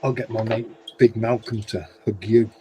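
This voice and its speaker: A man's voice: fairly low pitch, level tone, moderate pace, dark tone, a little hiss or hum. A man co-hosting a casual livestream, answering his friend with dry, teasing comebacks. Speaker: co-host.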